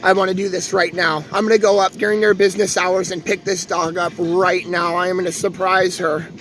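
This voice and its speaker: A young man talking to his live-stream viewers in a very high voice, his casual talk rambling and earnest. He pleads and restarts his sentences often, with a faint hiss behind him. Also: little pitch movement, a little fast, fairly bright tone, rough recording.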